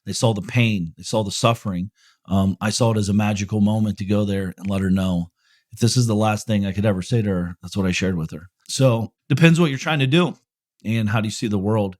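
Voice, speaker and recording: A man's voice: fairly low pitch, no room sound, clean studio sound. A middle-aged man hosting a podcast and answering listener questions in a casual motivational monologue. He is blunt and profane, and candid about his own feelings. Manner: blunt and profane, swearing freely; candid, openly emotional about personal matters.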